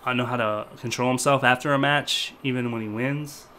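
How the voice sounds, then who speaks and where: A man co-hosting a casual wrestling review show, talking in a relaxed, rambling way and trailing off quietly at times. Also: mid-range voice, a little fast. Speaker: co-host.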